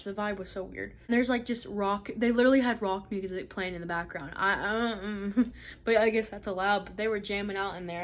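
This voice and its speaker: Woman in her twenties, casual vlogger, rambly storytelling with laughing asides. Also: mid-range voice. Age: 20s. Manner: chatty, many fillers and laughing asides.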